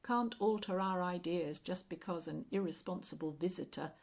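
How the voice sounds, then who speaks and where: A pompous, self-satisfied country doctor, played by a woman reading aloud, lecturing with smug certainty in a storybook. The voice is low and breathy, lifting with insistence. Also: normal speed, darkish tone.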